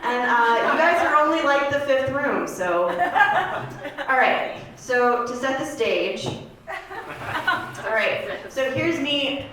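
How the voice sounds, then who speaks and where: Rambling deadpan woman in an echoey club. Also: high-pitched, slow, crowd noise. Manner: deadpan, rambling confessional delivery with filler words. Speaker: stand-up comedian. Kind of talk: stand-up comedy set. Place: comedy club stage. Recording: echoey club room from far off.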